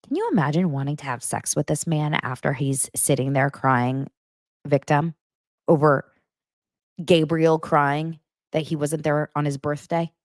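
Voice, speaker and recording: A woman's voice: low voice, steady tone, a little slow, no echo, clean studio sound. Blunt, sarcastic woman host ranting. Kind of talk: ranting pop-culture commentary.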